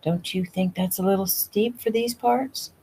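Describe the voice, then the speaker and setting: A woman's voice: mid-range voice, a little slow, warm tone, slightly rough, voice pushed up, rough recording. A woman reading the lines of an easygoing, teasing young rancher man, in a casual audiobook reading at home. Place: home room.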